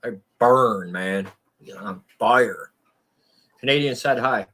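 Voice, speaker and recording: A man's voice: on the low side, slow pace, sharp tone, slightly rough. A man live streaming and chatting casually with his viewers, rambling in a crude and profane way.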